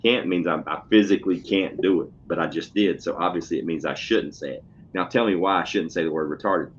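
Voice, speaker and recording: Deep-voiced man, blunt profane storyteller, casual podcast chat, dull lo-fi sound with faint hiss. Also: a little fast. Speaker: podcast co-host, schoolteacher. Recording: dull lo-fi audio with faint noise.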